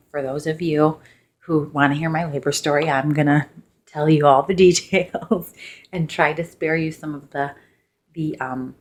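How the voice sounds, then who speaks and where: Low-voiced chatty woman telling a story. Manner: chatty, laughing, acts out quotes in high excited bursts. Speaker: ASMR channel host. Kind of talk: casual storytelling, loosely ASMR.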